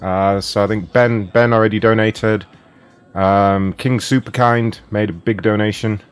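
Deep-voiced man hosting a prank call stream. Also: steady tone, a little slow, clean tone, faint music behind. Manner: swearing, laughing, loose banter. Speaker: prank call show host. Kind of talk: casual streamed chat.

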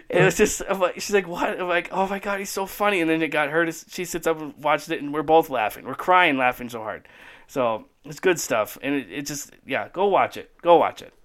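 A man co-hosting a casual chat, excited and laughing often, acting out bits in high voices. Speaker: podcast co-host.

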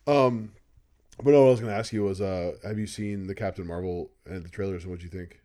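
A man's voice: sits low, steady tone, fast, warm tone. A young man co-hosting a podcast in casual chat. He rambles enthusiastically and uses a lot of fillers.

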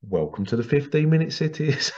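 A man's voice: medium pitch, big pitch swings, a little fast, a little mellow. Ranting man, dull lo-fi sound. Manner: ranting, indignant and sarcastic, swears casually. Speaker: podcast host. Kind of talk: opinionated podcast monologue.

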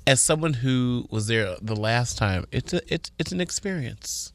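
Bright-voiced radio co-host reading trivia. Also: male voice, mid-range voice, animated, no room sound. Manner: reads out record trivia, quick asides. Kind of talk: casual radio banter, trivia segment. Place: radio studio. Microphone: studio microphone.

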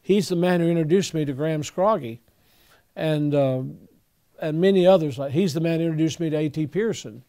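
An older pastor with a drawl speaks to young preachers in an earnest, folksy way. His voice sits a little high for a man, and he pauses with fillers as he gathers his thoughts. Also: dark tone.

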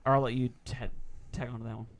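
A man's voice: medium pitch, flat delivery, fast. A man hosting a podcast, casually chatting and reading news items from notes. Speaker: podcast host.

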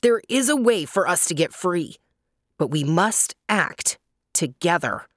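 A brave little dove king leads his flock with steady, reassuring words, as a woman reading a storybook puts him on. His voice stays close to her own, low-set and unhurried, with a dry close sound. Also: dry recording. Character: White Wing, brave male dove king, calm leader.

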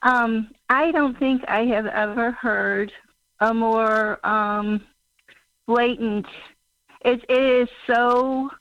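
A woman in her sixties from Missouri, calling in to a talk show and speaking haltingly as she searches for words. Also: fairly high pitch, fairly even intonation, fairly bright tone, clear, resonant tone, no room sound. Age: 60s. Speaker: caller. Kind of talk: call-in talk show caller. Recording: muffled phone call.

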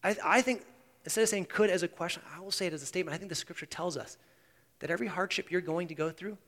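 A man preaching a sermon as pastor. He swings between hushed, intense passages and loud, animated emphasis. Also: sits high. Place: church sanctuary. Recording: long church reverb.

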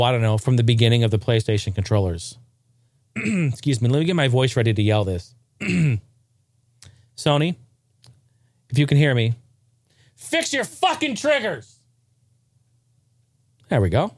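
A man's voice: medium pitch, no room sound, studio quality. A man hosting a gaming show, ranting casually with profanity and jokes. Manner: profane, excitable, jokey.

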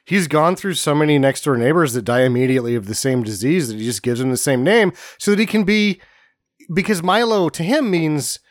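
A man's voice: fairly high pitch, fairly quick, no echo, clean studio sound. A man in casual podcast talk, dryly critiquing a movie and swearing now and then. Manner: sardonic, critical, profane. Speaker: podcast co-host.

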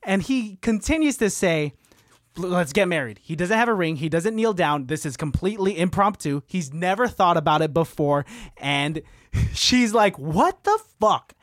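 A man co-hosting a podcast, telling a movie plot in casual chat, animated, laughing often and swearing freely. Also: high-pitched, normal speed, dry recording, clean studio sound.

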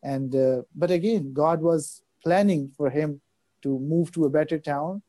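A man with a fairly high voice tells a religious story at a fast, halting pace. He fills gaps with fillers and stumbles over repeated words. His tone is mellow and warm, and the sound is close and dry. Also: no echo. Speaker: religious guest speaker. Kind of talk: recounting a religious story in conversation.

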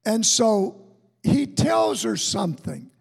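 A very animated pastor preaches in a church sanctuary, his high-pitched voice husky and gravelly, his words unhurried and stretched out. A long echo fills the hall as his sermon alternates between homespun storytelling and passionate urging.

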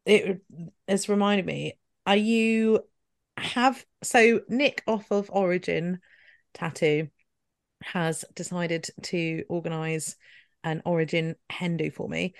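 A woman's voice: lowish voice, fairly even intonation, slow pace, vocal fry. A woman, co-hosting a podcast in giggly, chatty and sweary casual talk. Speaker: podcast co-host. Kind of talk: casual chat.

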